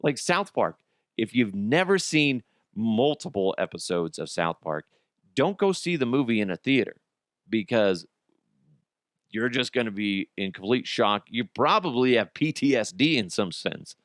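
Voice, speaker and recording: A middle-aged man hosting a podcast, telling comic stories in a casual monologue, swearing and acting out quotes in high voices. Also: big pitch swings, a little slow, no room sound, studio quality. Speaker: podcast host.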